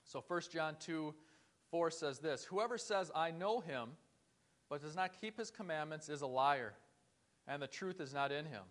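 A man preaches a sermon in a church, his voice sitting a little high for a man. He talks in an earnest, conversational way and turns to his listeners with rhetorical questions. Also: normal speed, fairly bright tone. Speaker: pastor.

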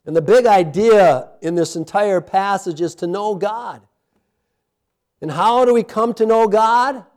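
A man preaching a sermon in a church sanctuary, with impassioned rises and a hushed closing prayer. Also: sits high, measured pace. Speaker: pastor.

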